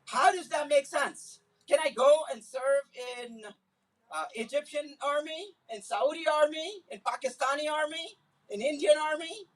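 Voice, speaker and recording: High-voiced man giving an impassioned speech. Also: unhurried. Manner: earnest, building to forceful emphatic repetition. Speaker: community speaker at a solidarity event. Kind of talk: impassioned public speech with personal stories. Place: Islamic center event. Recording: voice picked up from a distance.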